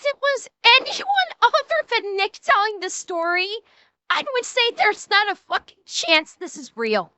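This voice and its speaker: A woman streamer reacting live to a video, swearing loudly and breaking into helpless laughter. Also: very high voice, big pitch swings, unhurried, dry recording. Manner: profane, loud exclamations and helpless laughter.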